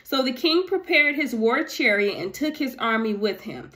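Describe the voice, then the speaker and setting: A woman's voice: a little high, lively intonation, moderate pace, pushed and bright. A woman reading a Bible passage aloud and breaking off into casual, ad-libbed commentary. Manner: conversational, ad-libbing asides between verses. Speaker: Bible teacher.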